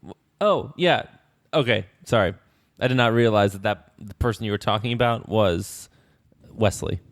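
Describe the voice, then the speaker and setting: A man's voice: on the low side, moderate pace, no echo, clean studio sound. Teasing man in casual podcast banter. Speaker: podcast co-host. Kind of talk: casual chat.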